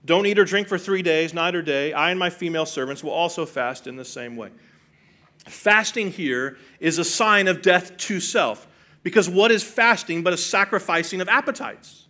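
Man, pastor, sermon, bright ringing tone, fairly high voice, hushed then emphatic, earnest. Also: moderate pace. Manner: swings from soft and hushed to loud and emphatic; earnest preaching with rhetorical questions.

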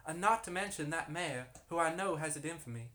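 A man's voice: on the high side, brisk, pushed and bright. A man voicing a flirtatious woman, a town harlot accused of witchcraft, with a sugary, sly folksy drawl.

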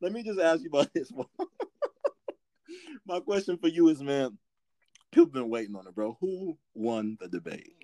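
A man's voice: fairly high pitch, sing-song, a little slow, long pauses, mellow, dry recording. Joking, laughing man in podcast banter. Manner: profane, joking, laughs a lot. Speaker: podcast co-host. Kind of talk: casual podcast chat.

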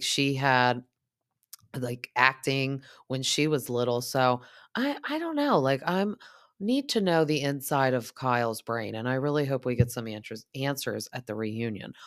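Chatty young woman recapping reality TV. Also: a bass voice. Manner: chatty, heavy use of "like", drops into a hushed aside now and then. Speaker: podcast host recapping reality TV. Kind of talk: casual chat.

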